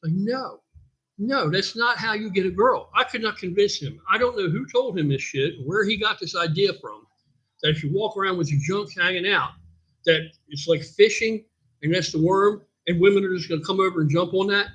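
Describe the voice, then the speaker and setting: Husky, profane man telling a story. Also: high-pitched, normal speed, poor audio. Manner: profane, rambling, animated anecdote telling. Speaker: gym owner and storyteller. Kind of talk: casual livestream storytelling.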